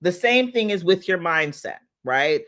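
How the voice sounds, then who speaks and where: Lively woman coaching her live viewers. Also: on the low side, unhurried. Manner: lively, talks straight to viewers, acts out her own body parts in voices. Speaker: life coach hosting an Instagram live. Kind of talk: casual motivational live stream.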